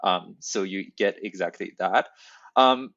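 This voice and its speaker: Hesitant man with a gravelly low voice. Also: measured pace, fairly bright tone, no echo, dull audio. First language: not English. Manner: hesitant, many ums, thoughtful. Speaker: poet in a workshop. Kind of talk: casual discussion.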